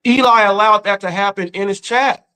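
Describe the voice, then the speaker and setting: A grieving man hosting a live stream, speaking earnestly in a halting way and often repeating his words. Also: sits high, bright, forceful tone, smooth, rough recording. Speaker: live-stream commentary host. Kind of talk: emotional live-stream rant.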